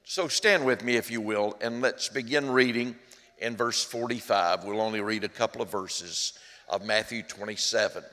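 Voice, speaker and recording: A male pastor preaching a sermon in a church, speaking earnestly, rising loud on quoted cries and dropping low and hushed at tender moments. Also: moderate pace. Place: church sanctuary. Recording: long hall reverb.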